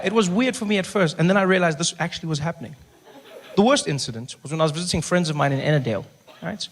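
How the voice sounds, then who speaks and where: A man, doing animated stand-up storytelling and jumping in and out of the voices of other people. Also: fairly high pitch. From South Africa. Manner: animated, acts out voices, drops to a hush for effect. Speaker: stand-up comedian.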